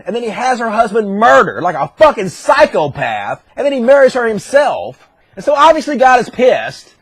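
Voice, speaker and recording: A man's voice: high-pitched, husky, no echo. A man giving a profane, sarcastic comedic recap as an online commentator.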